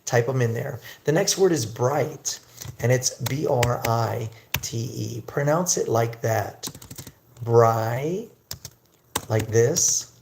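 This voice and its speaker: Male English teacher on a livestream, unhurried pronunciation drills, gravelly voice. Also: mid-range voice, background noise. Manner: slow, drawn-out pronunciation drills; chatty, greets viewers.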